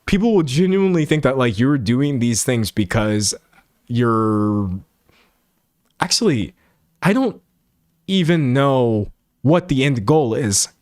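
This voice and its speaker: A man's voice: medium pitch, lively intonation, slow pace, long pauses, dry recording, clean studio sound. A man streaming live, chatting casually and reading chat, exasperated and full of restarts, still a little sick. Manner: exasperated, restless, with many restarts and laughs.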